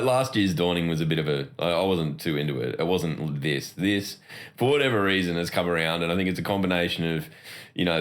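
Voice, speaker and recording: An Australian man co-hosts a gaming podcast, laughing often and swearing casually. His voice sits low but swings widely in pitch. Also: a bit bright. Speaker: podcast co-host.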